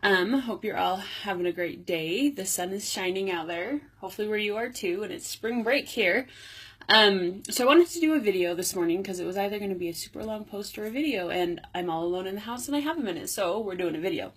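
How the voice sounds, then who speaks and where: A woman with a husky, slightly breathy voice chats on a phone-shot live video from home. She rambles and corrects herself as she talks to viewers, like a life coach having a casual catch-up. Her pitch sits in an ordinary middle range. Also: animated, brisk. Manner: rambling and chatty, self-correcting. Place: home indoors.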